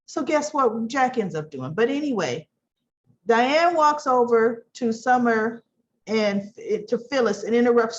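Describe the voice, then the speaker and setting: Woman, casual recap host, high-ish voice, acts out quotes, muffled lo-fi sound. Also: animated, unhurried, slight background noise. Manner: chatty, acts out quoted lines with shifting pitch. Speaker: soap opera recap host. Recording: dull lo-fi recording.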